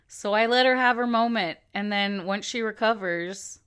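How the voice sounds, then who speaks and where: A woman's voice: mid-range voice, normal speed, a bit bright, smooth. A woman in her thirties giving casual, blunt commentary as a vlogger. She swears freely and drops into whispered asides.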